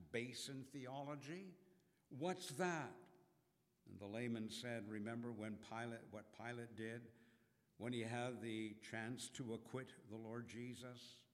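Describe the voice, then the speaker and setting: A man preaching a sermon in a slow, earnest way, with dramatic rises in his voice. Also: medium pitch. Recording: long hall reverb.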